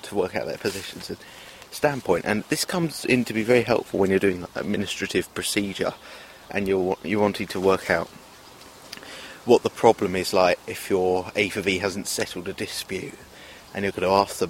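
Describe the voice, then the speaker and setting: A man's voice: low voice, steady tone, moderate pace, a little hiss or hum. A man talking to camera in a rambling, hesitant monologue, full of fillers and restarts. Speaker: vlogger. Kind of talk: casual self-filmed monologue.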